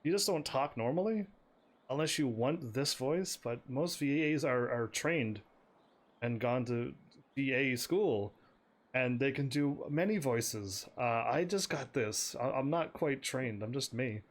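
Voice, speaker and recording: A man live streams a game, chatting casually with his viewers in a stammering way and laughing often. His medium-pitched voice is unhurried and sounds slightly strained.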